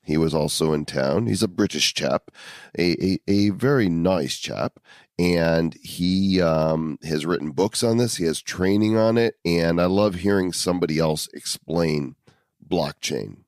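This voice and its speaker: A man's voice: deep voice, a little slow, darkish tone, dry recording, studio quality. A man co-hosting a podcast, bantering and teasing casually. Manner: joking, teasing. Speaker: podcast co-host.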